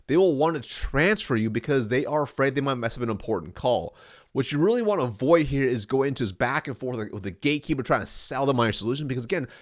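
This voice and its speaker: Confident, direct male sales trainer. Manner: confident and direct, drops to a low firm tone for example lines. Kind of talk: scripted teaching monologue.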